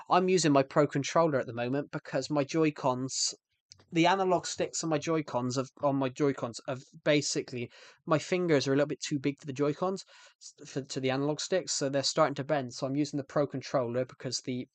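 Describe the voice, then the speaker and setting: A young British man who streams games chats casually on a live stream, rambling and correcting himself as he goes. He's from the United Kingdom, with a mid-range voice at a fairly quick pace, recorded dry.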